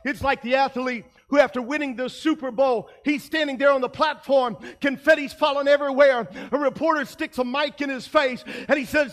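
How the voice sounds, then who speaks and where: Man, pastor, sermon, very high voice, impassioned, shouts and hushes. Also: normal speed, hardly any pauses.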